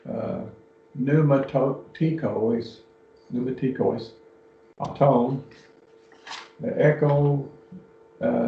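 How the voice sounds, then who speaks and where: A man in a church class reads aloud and translates in slow, halting steps. His voice is gravelly and dark. The room is echoey and the recording sounds dull. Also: mid-range voice. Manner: halting, slow, stumbles over words. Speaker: class student.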